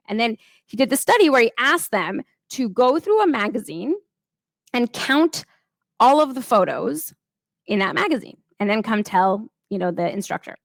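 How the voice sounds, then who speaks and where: A woman's voice: mid-range voice, vocal fry, no room sound. A woman in her thirties giving a casual motivational talk as a coach, chatty and peppered with "like" and "right?".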